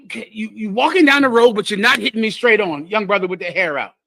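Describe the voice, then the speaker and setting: A man's voice: high-pitched, quick pace, creaky, no echo. A man teaching a scripture class to a live congregation, preaching with call-and-response and speaking straight to listeners. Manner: animated call-and-response, addresses listeners directly.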